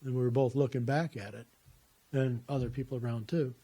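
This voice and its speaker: Husky-voiced man telling his faith story. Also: medium pitch, fairly even intonation, a little fast, warm tone. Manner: earnest, plainspoken, swears casually. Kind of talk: personal testimony, conversational storytelling.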